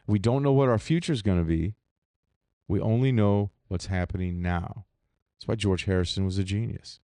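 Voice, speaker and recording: A man's voice: fairly low pitch, normal speed, dark tone, no room sound, studio quality. Candid, profane man hosting a podcast. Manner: candid, profane, rambling with restarts. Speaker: podcast host. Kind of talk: solo reflective podcast monologue.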